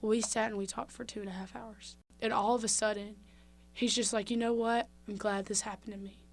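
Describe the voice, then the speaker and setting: A woman's voice: mid-range voice, level tone, brisk. A young woman from Mississippi, a podcast guest telling a personal story candidly with lots of fillers. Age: young adult. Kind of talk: casual interview.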